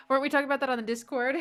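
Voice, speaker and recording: A woman's voice: high-pitched, fairly even intonation, fast talker. A woman music teacher giving casual, enthusiastic feedback on a student's song, humming melodies along as she listens. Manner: enthusiastic, warm praise, hums melodies along. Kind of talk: casual spoken critique over playback. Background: music playing.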